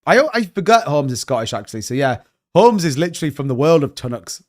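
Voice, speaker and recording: A man's voice: on the high side, very animated, fast. A man hosting a casual livestream, joking and bantering as he reads out chat comments. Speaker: crypto livestream host.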